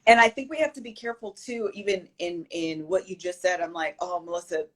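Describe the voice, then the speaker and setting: A woman's voice: medium pitch, expressive, a little fast, fairly bright tone. A woman guest on a casual video chat, speaking earnestly and stressing her points with repetition. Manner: earnest, emphatic, repeats phrases for stress.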